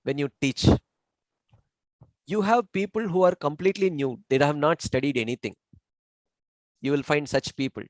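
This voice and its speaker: A man teaching in a discussion, explaining at a measured pace with frequent "you know" fillers. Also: a little high, no echo, poor audio. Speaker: spiritual teacher.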